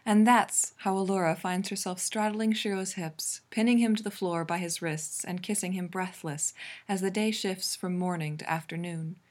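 A woman reading a fan fiction story aloud in a calm, even narrating voice. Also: lowish voice, moderate pace. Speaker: reader.

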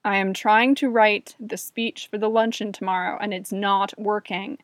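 A woman's voice: mid-range voice, steady tone, moderate pace, no room sound, lightly acted. A woman voicing a crabby, sardonic middle-aged male boss in a read-aloud story. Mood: gruff. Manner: gruff, sardonic.

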